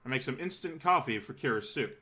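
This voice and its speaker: A man's voice: medium pitch, lively intonation, fast talker, sharp tone. Rambling man reading a visual novel aloud. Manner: rambling, self-deprecating asides. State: out of breath. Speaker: let's play host. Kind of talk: reading game text aloud with commentary. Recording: game music playing behind.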